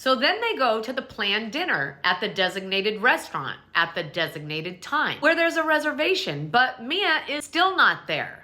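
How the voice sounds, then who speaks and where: A woman's voice: fairly high pitch, sharp tone. A woman hosting a reality TV recap, talking casually and dropping blunt, opinionated asides as she goes.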